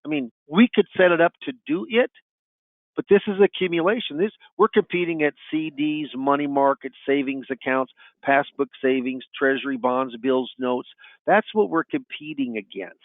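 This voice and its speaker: A man's voice: a little high, moderate pace, dry recording. A middle-aged man coaching salespeople on a webinar, telling client stories in a folksy way and often asking "you know what?". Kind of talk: webinar talk with client anecdotes. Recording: tinny phone-line audio, dry.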